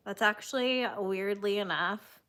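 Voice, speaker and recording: Bright chatty woman on a crochet stream, laughs a lot, pokes fun at herself. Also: mid-range voice, unhurried. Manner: chatty, laughs often, self-mocking. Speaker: crochet livestream host. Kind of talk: casual chat reading live comments.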